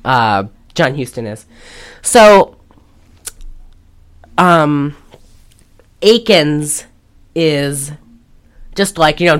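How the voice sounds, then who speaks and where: A woman's voice: low voice, lively intonation, extremely slow, long pauses, clean tone. A woman co-hosting a podcast, retelling a movie in a loose, rambling way full of fillers. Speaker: podcast co-host. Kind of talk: casual movie recap chat.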